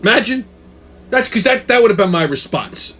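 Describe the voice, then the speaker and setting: A man's voice: high voice, expressive, normal speed, sharp tone. A man hosting a comedic rant, cursing and repeating himself for emphasis. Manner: profane, emphatic, repeats words. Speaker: host.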